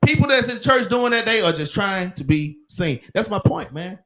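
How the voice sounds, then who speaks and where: A man's voice: high voice, expressive, moderate pace, fairly bright tone. A man with a Southern US accent leading a religious class, telling loose slangy work stories and laughing. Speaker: class leader. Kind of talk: casual teaching chat.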